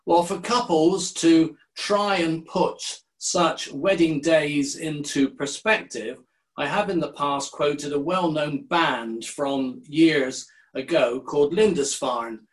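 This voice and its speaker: Slow, measured older male preacher. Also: fairly high pitch. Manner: measured, deliberate delivery with quoted scripture. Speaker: minister. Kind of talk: sermon.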